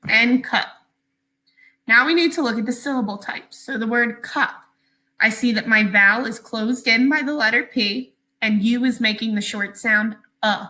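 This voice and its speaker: A woman teacher leads a phonics lesson for young children in a bright, fairly high voice. She speaks slowly and clearly, pausing patiently so the students can follow along. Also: rough recording. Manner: slow, clear, patient instruction with pauses.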